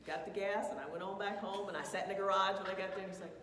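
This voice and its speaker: A woman with a mid-range, steady voice talks very fast, candidly sharing a personal story with a group and laughing often. She co-presents a couples session, reflective in tone, recorded from a distance in an echoey hall with background noise.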